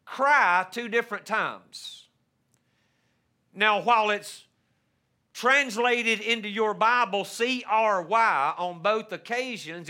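A man preaching a sermon as pastor, with measured delivery that rises into impassioned pleading and a habit of repeating words as he starts a sentence. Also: high voice, sharp tone.

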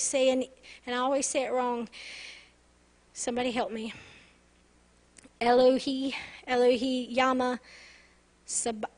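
A woman's voice: high-pitched, fairly bright tone. A woman pastor preaching an earnest sermon, often turning to the congregation with "right?".

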